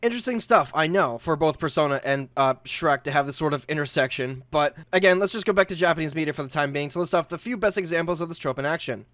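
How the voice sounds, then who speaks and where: Brisk, high-voiced man narrating. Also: fairly bright tone, no room sound. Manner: brisk, emphatic. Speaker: video essay host. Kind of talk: scripted narration.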